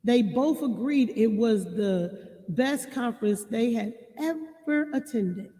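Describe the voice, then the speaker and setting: Slow, deliberate woman giving marriage advice. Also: on the high side, animated, warm tone, big-room sound. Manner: slow, deliberate, repeats lines for emphasis. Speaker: relationship advice speaker. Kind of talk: reading and commenting on a marriage book.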